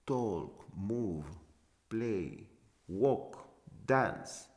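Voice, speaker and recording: Male spiritual teacher, slow and deliberate, lively pitch swings, long hall reverb on the voice. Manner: halting, repeats phrases for emphasis. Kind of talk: spiritual talk.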